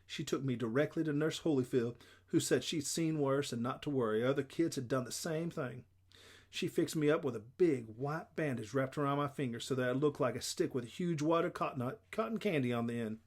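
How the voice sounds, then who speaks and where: A man reading a children's novel aloud in plain, steady first-person narration. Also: mid-range voice, brisk. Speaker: audiobook reader.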